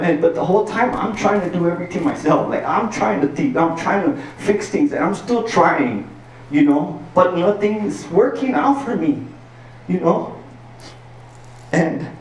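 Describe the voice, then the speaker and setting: Recorded from a distance in a roomy space with a slight hiss or hum, a man with a fairly high but darkish voice performs stand-up. The comic, from El Paso, Texas, shares a sincere personal story laced with filler words.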